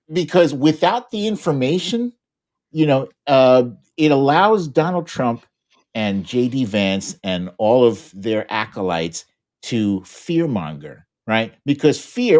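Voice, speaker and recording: A man guesting on a casual talk show, talking in an animated way and restarting his phrases often. His pitch swings widely as he makes his points. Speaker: guest commentator. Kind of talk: casual political chat.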